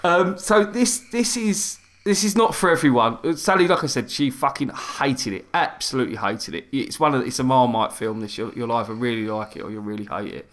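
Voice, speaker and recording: A man's voice: mid-range voice, fairly quick, few pauses, fairly bright tone. A man co-hosting a casual film chat, talkative, laughing easily and stumbling over repeated words. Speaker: podcast co-host reviewing films.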